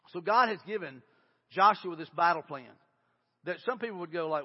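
A man preaching a sermon as pastor, telling the story in a casual, animated way and reading scripture aloud. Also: high-pitched, normal speed, long reverb tail, dull audio.

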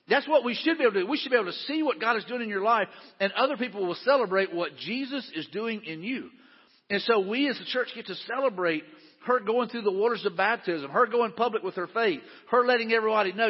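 High-voiced pastor preaching in a reverberant hall. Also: male voice, slightly rough, highs cut off. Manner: earnest, conversational preaching with frequent "man" and restarts. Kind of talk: sermon.

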